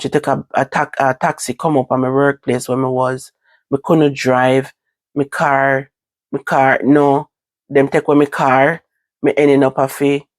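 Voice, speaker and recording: A woman with a Jamaican accent recounting a personal story to her viewers, in a halting, repetitive way. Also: a bass voice, dry recording. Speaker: vlogger.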